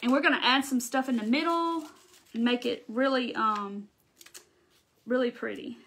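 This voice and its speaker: Southern woman, middle-aged, high voice, chatty live-stream crafter who thanks viewers. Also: normal speed, fairly bright tone. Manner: chatty, reads out and thanks viewers' comments while working. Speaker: craft livestream host. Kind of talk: casual live crafting chat.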